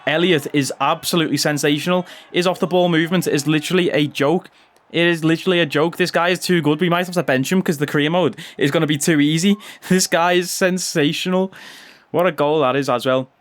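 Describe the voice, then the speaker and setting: Male gaming YouTuber, chatty play-by-play that jumps to loud cheers. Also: a little high, brisk. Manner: chatty, excitable, bursts into loud cheers on goals. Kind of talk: gameplay commentary.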